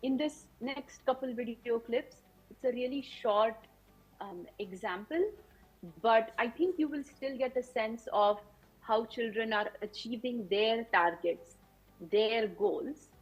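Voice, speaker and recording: Woman presenting at a teacher conference, husky voice, explains her strategies step by step. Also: a little high, slow, soft background music, low-quality recording.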